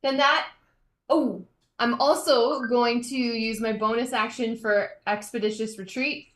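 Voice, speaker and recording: Casting: woman player, mid pitch, unsure pacing, roomy echoey recording. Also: steady tone, measured pace, fairly bright tone. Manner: hesitant, fillers while planning her turn. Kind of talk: tabletop role-play.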